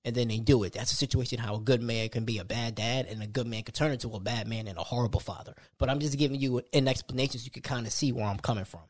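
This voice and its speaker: A man's voice: mid-range voice, fairly even intonation, quick pace, few pauses, no echo, studio quality. A young man hosting a solo podcast, talking casually and conversationally, often restarting his sentences. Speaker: podcast host.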